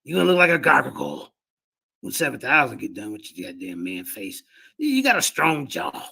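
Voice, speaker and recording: This streamer reacts live to debate clips, bragging and ridiculing opponents over and over while calling his chat "y'all." He has a mid-range, gravelly, slightly rough voice with a sharp tone, big pitch swings, and normal speed.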